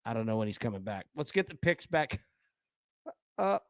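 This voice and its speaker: A man's voice: medium pitch, very animated, normal speed, dry recording. A man hosting a live sports betting stream, chatting casually, joking and laughing often. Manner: laughs often, loose and joking, quotes film lines. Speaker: sports betting show host.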